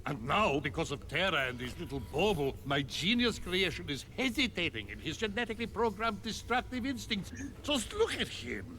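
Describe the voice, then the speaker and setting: A man's voice: sits high, very animated, normal speed, sharp tone, a little hiss or hum, full character voice. An actor playing an eccentric male alien mad scientist in a video game, speaking in broken grammar. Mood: gloating.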